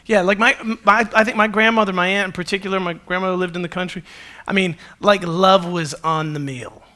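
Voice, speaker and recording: A male pastor delivers a sermon in a high, bright voice. He talks to the congregation in a loose, conversational way and is quick to joke at his own expense. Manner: conversational and animated, with self-deprecating humor.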